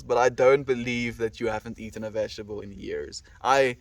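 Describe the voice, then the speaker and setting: A man's voice: medium pitch, fairly quick, no echo, recorded from a distance. South African man chatting with his stream. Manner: relaxed, chatty, answers comments by name. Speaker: livestreamer reading chat. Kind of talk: casual chat with viewers.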